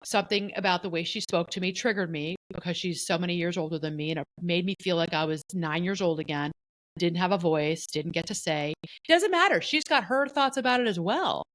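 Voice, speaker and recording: A middle-aged woman co-hosting a podcast, telling a personal story in a candid, animated way and acting out what others said. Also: on the low side, a little fast, dry recording, poor audio. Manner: candid, animated, often voices the people she quotes. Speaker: podcast co-host.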